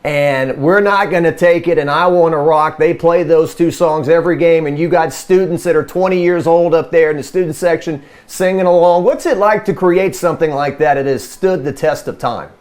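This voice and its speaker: A man's voice: on the high side, normal speed, hardly any pauses, darkish tone. A male talk show host asking a guest direct, friendly questions in a casual interview.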